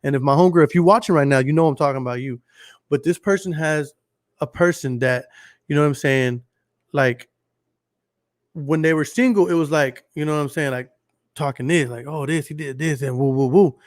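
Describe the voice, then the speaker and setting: A man's voice: on the high side, brisk, pauses often, no echo, studio quality. A man with a Texas accent hosting a casual solo podcast, blunt and profane, talking straight to his listeners. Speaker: podcast host.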